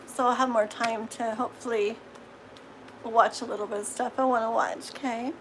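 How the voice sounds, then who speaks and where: A woman's voice: fairly high pitch, steady tone, normal speed, a bit bright, slight background noise, rough recording. A middle-aged woman hosting a live tarot reading, chatting casually and gushing, laughing often. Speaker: tarot reader hosting a livestream. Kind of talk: casual livestream chat.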